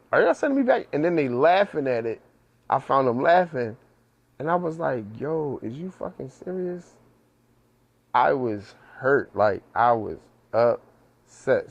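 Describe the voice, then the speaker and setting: Gravelly-voiced man telling a story. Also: medium pitch, no echo, muffled recording. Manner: animated, slangy, acts out quoted voices. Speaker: podcast host. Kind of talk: casual storytelling.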